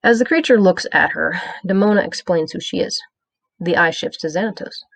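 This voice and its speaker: Low-voiced woman reading a wry review. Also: moderate pace, creaky, a bit bright, dry recording. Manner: wry, joking asides between plot summary; reads from a script with small hesitations. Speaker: reviewer reading her episode summary. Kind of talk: read-aloud review with commentary.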